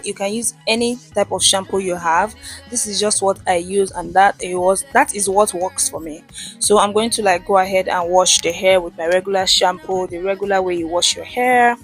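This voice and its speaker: A woman talks through a hair tutorial in a casual voice-over, explaining each step in a chatty, direct way. Faint music plays underneath. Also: mid-range voice. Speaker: vlogger.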